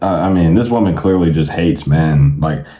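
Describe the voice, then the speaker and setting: A man's voice: very deep voice, normal speed, mellow, roomy sound. A man giving blunt, exasperated reaction commentary, swearing casually.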